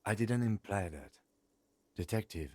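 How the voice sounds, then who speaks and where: An actor voicing a calm, precise male police lieutenant in a video game, measured and dry. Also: lowish voice, no room sound.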